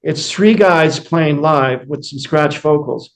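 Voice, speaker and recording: A man talks as a guest in a casual interview, wandering through anecdotes. He fills gaps with fillers and acts out what people said. His voice sits a little higher than most men's. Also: takes it slowly. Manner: rambling anecdotes with many fillers and acted-out quotes.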